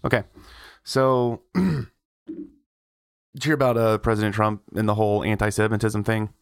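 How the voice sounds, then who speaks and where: A man co-hosting a gaming podcast, chatting casually and telling stories with lively acted-out quotes. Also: fairly low pitch, moderate pace, clear, resonant tone, dry recording, clean studio sound. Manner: animated storyteller who acts out quotes. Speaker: podcast co-host. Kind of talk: casual chat.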